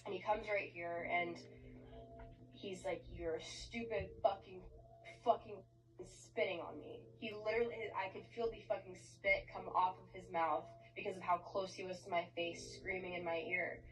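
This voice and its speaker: A woman giving an emotional personal account, shaken and halting, swearing often. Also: lowish voice, flat delivery, background noise. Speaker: interviewee recounting events. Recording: distant clip with faint music.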